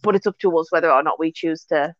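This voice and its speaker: This guest in a relaxed chat has a low-pitched voice and a quick pace, spinning stories full of laughter and phrases she begins again. Her manner is chatty and animated, and the lo-fi recording sounds dull and dry with no room sound.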